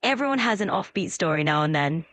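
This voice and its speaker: A woman's voice: fairly low pitch, expressive, fast, a crowd in the background. Upbeat British-accented AI assistant woman. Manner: upbeat, soothing, accommodating. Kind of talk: chatbot conversation.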